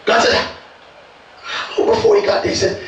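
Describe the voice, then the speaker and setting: A pastor preaching a sermon, calling out to the congregation and swinging from quiet storytelling to shouted peaks. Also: male voice, normal speed, a little hiss or hum. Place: church sanctuary. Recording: echoey church hall, distant mic.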